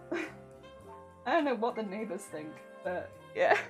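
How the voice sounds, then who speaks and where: A woman streamer chatting casually while sewing, bubbly and rambling, laughing often. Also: mid-range voice.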